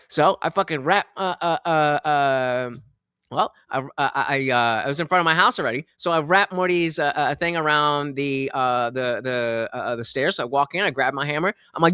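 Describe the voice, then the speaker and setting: A man hosting a live stream, telling a heated story in a profane, animated way, acting out both sides of an argument with many restarts. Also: fairly high pitch, normal speed, smooth, no echo, studio quality. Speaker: streamer host. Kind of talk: casual storytelling rant.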